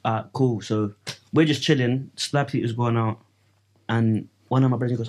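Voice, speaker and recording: A man's voice: medium pitch, moderate pace. A young man, chatting on a podcast and telling a story while acting out what others said. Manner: animated storyteller who acts out quotes. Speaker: podcast co-host. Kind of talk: casual chat.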